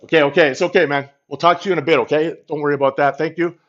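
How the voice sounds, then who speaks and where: A man doing an impression of a gruff, mumbling, middle-aged boxing-movie star, giving a repetitive pep talk. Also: on the high side, fairly even intonation, racing, dull audio, voice pushed up, close to an everyday voice. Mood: reassuring. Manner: pep-talk delivery, repeating phrases.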